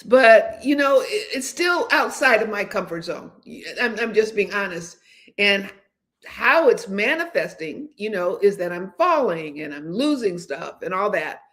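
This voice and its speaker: Unhurried and a bit bright, this mid-range female voice swings widely in pitch. She is a host in her seventies on a casual livestream, rambling candidly and often restarting or using fillers.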